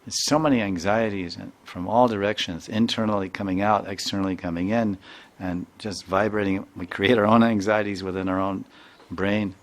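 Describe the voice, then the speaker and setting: A man's voice: on the low side, steady tone, moderate pace. An older man giving a devotional talk as a spiritual teacher, telling stories in emphatic, repeated phrases. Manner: repetitive, emphatic storytelling with Sanskrit terms.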